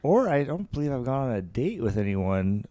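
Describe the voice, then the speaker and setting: A man makes dry, wisecracking remarks in casual chat. His voice is dark and mellow, and the recording is dry and close. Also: medium pitch, big pitch swings, normal speed, no echo.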